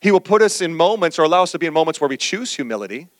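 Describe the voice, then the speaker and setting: A male pastor preaching a sermon, telling a personal story with animated, acted-out quotes. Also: on the high side, very fast, no echo.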